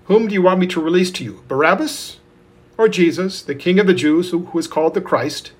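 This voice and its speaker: A man's voice: sits high, brisk, slightly rough, pitched above the performer's own voice. A man reading as a troubled Roman governor. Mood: earnest. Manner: earnest read-aloud questioning.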